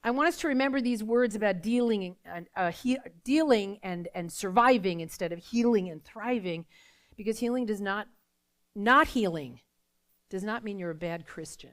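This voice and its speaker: A middle-aged woman pastor delivering a sermon, telling a personal story with emotion and soft, hushed passages. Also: medium pitch, normal speed.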